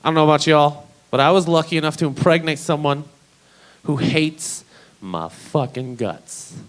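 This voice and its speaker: A young man from Idaho doing a live stand-up comedy set, telling stories in a casual, profane, deadpan way. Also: on the high side, normal speed. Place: small comedy venue, live.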